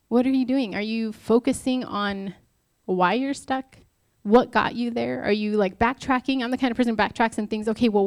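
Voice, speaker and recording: A woman's voice: a little high, no room sound. A young adult woman giving an informal devotional talk, chatty and candid, mixing personal stories with rhetorical questions. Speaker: speaker at a church talk.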